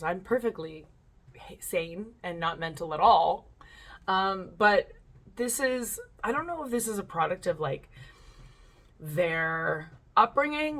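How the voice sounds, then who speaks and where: A woman's voice: lowish voice, fairly bright tone. Woman host, casual and rambling, swears freely, reads stories off the screen. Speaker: channel host reading online stories. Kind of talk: casual chat and reading aloud.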